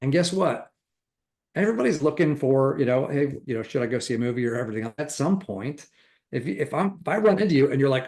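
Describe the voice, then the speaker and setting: A man's voice: medium pitch, animated, fast, a little mellow. A middle-aged man giving a motivational real estate training talk, enthusiastic and acting out quoted chatter.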